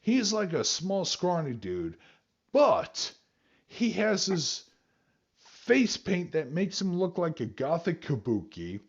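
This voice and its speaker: A podcast host with a husky voice, chatting casually and swearing freely. His pitch swings widely as he talks. The sound is dull and lo-fi. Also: sing-song, takes it slowly. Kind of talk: casual chat.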